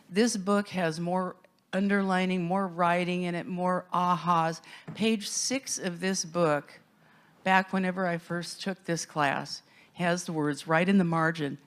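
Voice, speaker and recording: A woman reminiscing enthusiastically about her first class, in a relaxed panel talk. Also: lowish voice.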